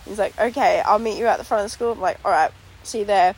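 A woman's voice: mid-range voice, fast talker, a little hiss or hum, low-quality recording. Young aussie woman telling a story. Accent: Australian. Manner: swearing, animated storytelling with lots of "like". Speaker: podcast co-host. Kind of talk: casual chat. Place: inside a tent.

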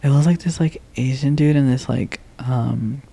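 Young male podcast guest, casual and animated, swears a lot, mid-range voice. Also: mid-range voice, normal speed, creaky, slight background noise. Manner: animated storyteller, swears freely. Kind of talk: casual chat.

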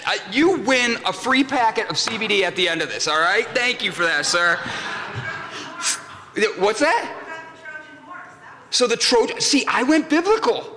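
Young male keynote speaker, jokey storyteller, bright lifted voice, reverberant hall. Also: high voice, a little hiss or hum. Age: young adult. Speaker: conference speaker. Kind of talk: comedic keynote talk to a live audience. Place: conference hall. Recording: long hall reverb from a conference room.

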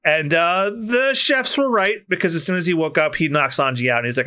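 A man's voice: fairly high pitch, fairly quick, sharp tone. Chatty man hosting a read-through. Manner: casual and chatty, with fillers. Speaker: podcast co-host. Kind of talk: casual manga read-through.

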